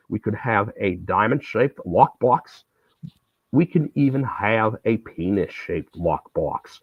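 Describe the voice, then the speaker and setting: A wooden presidential candidate speaks slowly and deliberately in a lowish voice, as a man puts him on. The sound is thin and phone-like and completely dry. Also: slightly rough, no echo, exaggerated voice. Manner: slow, deliberate, wooden parody speech. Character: stiff middle-aged male presidential candidate, wooden and slow.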